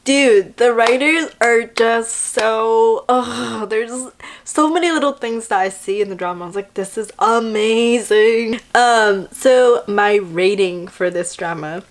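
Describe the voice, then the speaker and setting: A young woman chatting casually in a vlog, reviewing a TV drama in an excitable way, with lots of "like" and little acted-out quotes. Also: fairly high pitch, unhurried.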